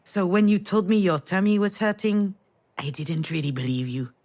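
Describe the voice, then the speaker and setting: A woman's voice: fairly low pitch, lively intonation, normal speed, darkish tone. An actress playing a mother who recalls a family memory in an intimate, storytelling manner for a game. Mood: nostalgic. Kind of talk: game voice acting.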